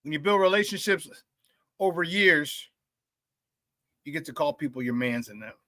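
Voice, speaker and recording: A male morning sports radio host talking in a loose, hyped-up, slangy way. His voice is fairly high and bright. He is recorded in a dry studio close to the mic. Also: moderate pace, no room sound. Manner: energetic, slangy hype. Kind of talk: casual morning sports talk.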